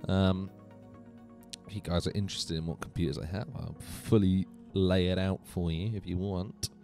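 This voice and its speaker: A man hosting a casual gaming live stream from his home computer room, chatty and animated, laughing often. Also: deep voice, moderate pace, soft background music.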